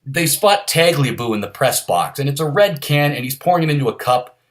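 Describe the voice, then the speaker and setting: A man's voice: fairly high pitch, expressive, fairly quick. A man co-hosting a casual sports podcast, telling stories and thinking aloud with many fillers. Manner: storytelling, reflective, filler-heavy. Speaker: podcast co-host.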